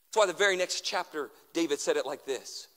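A man preaching a sermon as pastor, building through repeated refrains and dropping suddenly to a hush. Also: a little high, animated, brisk, in a large hall.

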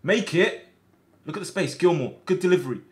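Man, gaming streamer, live commentary, lively swooping pitch, shouts and groans. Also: a little fast. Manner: excitable, shouts at players, swings between groans and cheers.

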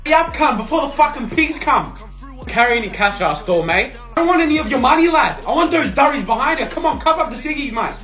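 A man's voice: very high voice, animated, fast talker, hardly any pauses, bright, forceful tone, echoey room, soft background music. A young man with an Australian accent, playing a taunting, slangy tough in a comedy sketch.

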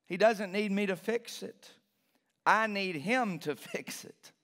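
A man's voice: high-pitched, slow, a bit bright. A male pastor preaching a passionate sermon in a church, repeating key phrases and building emphasis. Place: church sanctuary.

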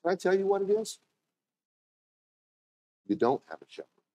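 A man preaching a sermon as pastor, telling stories and acting out quoted voices with sudden jumps in pitch. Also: sing-song, normal speed, dark tone.

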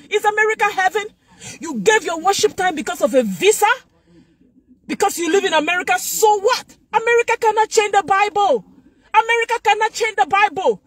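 A woman's voice: very high-pitched, lively intonation, moderate pace. A woman preaching a fervent sermon, exhorting listeners and repeating lines for emphasis.

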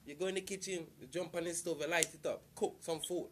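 A man's voice: fairly high pitch, steady tone, fast talker, fairly bright tone, slight background noise. A man giving casual relationship advice to the camera, earnest and repetitive, circling back to the same points.

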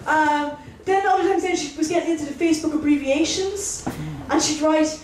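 A woman's voice: high-pitched, normal speed, noisy background. A young Irish woman doing a stand-up routine, chatty and self-mocking, talking straight to the crowd. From Ireland. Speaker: stand-up comedian. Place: comedy club stage. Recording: roomy live gig from a distance.

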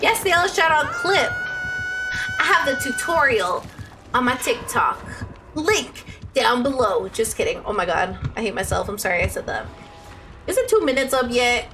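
High, bubbly young woman streamer. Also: normal speed, soft background music. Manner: excitable, squealing, talks to chat. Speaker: Twitch streamer. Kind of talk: casual live gaming stream chatter.

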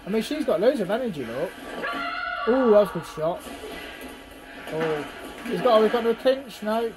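A man with a high, very lively voice talks casually over fight clips. He keeps nudging the listener to look and see, chatty and unscripted, with clear music playing behind him. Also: moderate pace, low-quality recording. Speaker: fight commentator. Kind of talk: casual reaction commentary over video.

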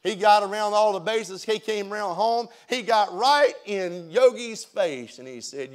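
A man's voice: sits high, animated, a little slow, hardly any pauses. A man, a pastor preaching an emphatic sermon in a church and often repeating his words. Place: church sanctuary.

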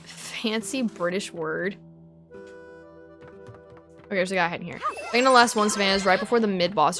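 A woman live-streaming a game, chatting casually with her viewers and laughing often. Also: mid-range voice. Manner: giggly, animated, reads and answers chat. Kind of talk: casual live-stream chat while gaming.

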